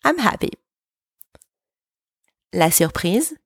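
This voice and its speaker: A woman hosting a language lesson podcast, speaking slowly and clearly and repeating each phrase so listeners can practice. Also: mid-range voice, very animated, dry recording, clean studio sound. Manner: slow, careful, repeats French words for practice. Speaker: French teacher, podcast host.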